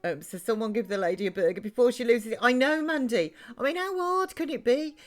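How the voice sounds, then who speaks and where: A woman live-streams a life-sim game in a slightly high, slightly quick voice, with faint music behind her. She rambles chattily, talking to both her chat and the game characters.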